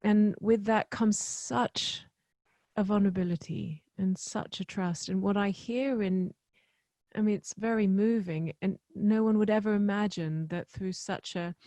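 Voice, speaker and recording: A woman hosting a podcast, speaking in a soft, affirming and reflective way. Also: mid-range voice, no room sound. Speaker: podcast host. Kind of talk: reflective interview talk.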